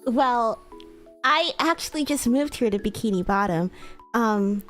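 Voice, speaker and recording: A woman's voice: a little high, expressive, unhurried, fairly bright tone, faint music behind. A woman streamer improvising a role-play with a chatbot, hesitant and giggly, with many fillers.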